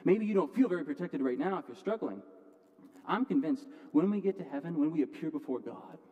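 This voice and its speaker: Earnest preacher in a reverberant hall. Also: male voice, on the high side, expressive, brisk, phone-quality sound. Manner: earnest, repeats words when restarting, swings between loud and quiet. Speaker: pastor. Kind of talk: sermon. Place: church sanctuary.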